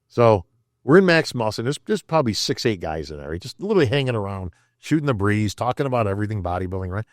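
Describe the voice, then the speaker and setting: This podcast guest is an older upstate New Yorker with a lowish voice who talks fast through casual stories. He gets animated, performs the quotes himself, and peppers his talk with "bro" and "right?" The sound is studio quality with no echo.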